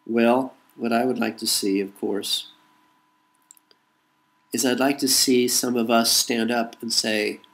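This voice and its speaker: A man from the United States talks straight through a political monologue in a voice of ordinary pitch. His delivery is rhetorical and insistent, and he keeps returning to the same refrain. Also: steady tone, slow, pauses often, a bit bright, poor audio. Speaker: political commentator. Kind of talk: monologue to camera.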